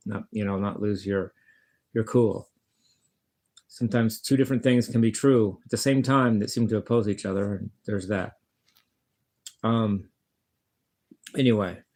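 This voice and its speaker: A man talking casually to the camera in a blunt, rambling monologue, often swearing and stumbling over his words as he restarts sentences. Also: fairly low pitch. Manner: blunt, swears, many restarts and stammered repeats. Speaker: vlogger, guitarist.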